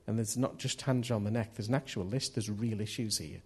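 A man's voice: fairly low pitch, fairly quick, slightly rough. A man preaching a sermon in an earnest manner, often repeating key phrases.

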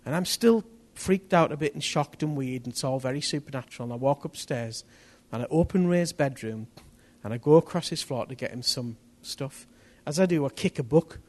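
A man preaching a testimony sermon, telling his story in an animated way that rises to near-shouts at the tense moments. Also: mid-range voice, brisk, few pauses.

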